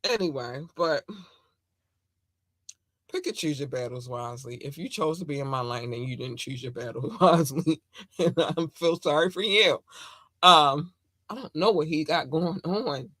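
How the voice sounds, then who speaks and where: Podcast host, woman, lively and bright, blunt and profane, dry close sound. Animated, emphatic delivery. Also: low voice, moderate pace, no echo. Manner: animated and emphatic, with sudden loud outbursts. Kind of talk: casual chat.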